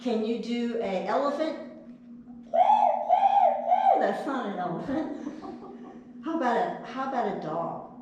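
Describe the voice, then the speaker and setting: A woman puppeteer coaxes her puppet gently, with a lively, high-leaning voice. She is heard from a distance in a very echoey chapel, with faint noise behind. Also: measured pace, long pauses. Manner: gentle, coaxing, talks to the puppet. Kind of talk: children's puppet show.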